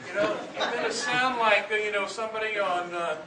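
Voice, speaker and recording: A high-voiced man directs a band's breathing warm-up, explaining, then calling out counts firmly. He sounds distant from the mic in a big echoey rehearsal room, with hiss underneath. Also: a little fast, over a noisy crowd. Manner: calls counts loudly and firmly, explains between sets. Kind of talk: instructional coaching with counted exercises. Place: large rehearsal room with a band.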